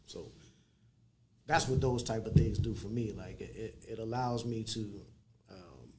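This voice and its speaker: A man's voice: lowish voice, expressive, unhurried, vocal fry, very noisy. A man as a podcast guest, talking casually and encouragingly, often answering with short agreement. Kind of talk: casual conversation.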